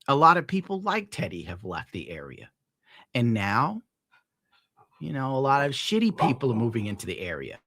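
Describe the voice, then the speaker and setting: A man ranting casually on his stream at home, swearing, laughing often and scolding his dog loudly between points. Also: mid-range voice, sing-song, moderate pace, pauses often, breathy edge, no echo, studio quality. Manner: profane, rambling, laughs often. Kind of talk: casual rant on a live stream.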